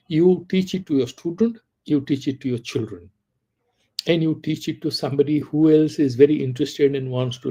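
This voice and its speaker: A man's voice: mid-range voice, vocal fry, mellow, slightly rough. A man teaching a philosophy class, reciting Sanskrit verses and asking rhetorical questions. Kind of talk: class lecture.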